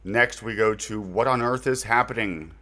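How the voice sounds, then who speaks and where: A man's voice: on the low side, normal speed, bright, forceful tone. A man hosting his own channel, talking through recommendations in a loose, rambling way with fillers and mild slang. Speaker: channel host introducing his website. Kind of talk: casual unscripted monologue.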